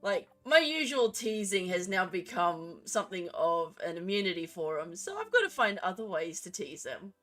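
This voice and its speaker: A woman's voice: lowish voice, very animated, moderate pace, hardly any pauses, a bit bright. A woman hosting a casual online chat, playful and teasing, swearing freely. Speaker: host.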